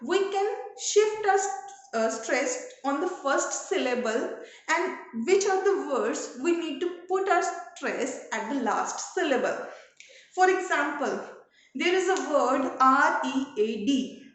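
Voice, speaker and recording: A woman with an Indian English accent giving an English lesson, explaining slowly and repeating examples. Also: high-pitched, animated, very echoey. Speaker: English teacher. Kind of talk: classroom lecture.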